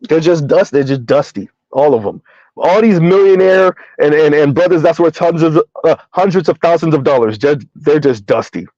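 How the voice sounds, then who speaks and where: A middle-aged man riffs in a loose comic rant, laughing between lines. His voice sits high and lifts into a sing-song on every repeated punchline. The recording is dry and a little dull, like a lo-fi home setup. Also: animated, normal speed, darkish tone, no echo. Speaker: commentary vlogger. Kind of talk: casual comedic rant.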